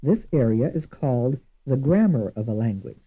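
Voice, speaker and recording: A man's voice: mid-range voice, sing-song, breathy edge. Tinny old language-course narrator, man. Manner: measured, deliberate, repeats each example word. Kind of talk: scripted instructional narration. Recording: tinny lo-fi archival course audio.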